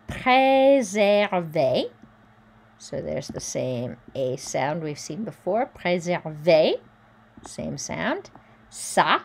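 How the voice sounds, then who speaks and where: A woman giving a pronunciation lesson at an unhurried pace, sounding out each word with care before explaining it. Her pitch sits a little low but moves a lot, rising on the modelled words. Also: vocal fry, slightly rough. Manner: slow, careful modelling of French words with explanations. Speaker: French pronunciation teacher.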